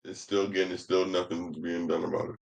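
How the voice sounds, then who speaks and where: A man's voice: low voice, level tone, brisk, gravelly, low-quality recording. A man on a podcast who drops short, blunt, slangy interjections in a casual discussion. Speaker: podcast co-host.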